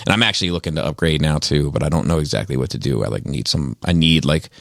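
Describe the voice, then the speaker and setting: A man's voice: very deep voice, quick pace, gravelly, fairly bright tone, no echo, clean studio sound. A man hosting a casual podcast chat, rambling with lots of fillers and some swearing. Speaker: podcast host. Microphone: studio mic on arm.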